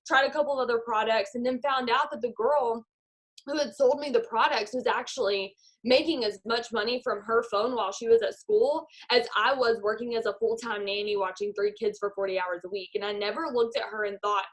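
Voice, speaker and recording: A woman's voice: fairly high pitch, steady tone, fairly quick. A woman, a network marketing leader giving an upbeat motivational talk over a video call. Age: 20s. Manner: upbeat, guides a visualization.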